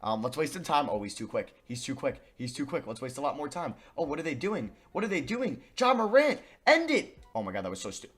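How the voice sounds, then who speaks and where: Young man, gaming commentary, excitable, mid-pitched, muttering then yelling. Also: fast, hardly any pauses, slightly rough. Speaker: video game YouTuber.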